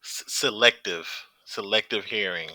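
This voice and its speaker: Low, forceful man arguing a point. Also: unhurried, no room sound, poor audio. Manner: questioning, builds an argument. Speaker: podcast panelist. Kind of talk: casual chat.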